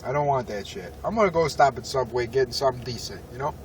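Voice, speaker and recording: A man's voice: mid-range voice, quick pace, distant mic, slight background noise. A man telling a profane, rambling story in an irritated tone, talking from a parked car. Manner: irritated, swearing, rambling with restarts. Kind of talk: profane ranting story vlog.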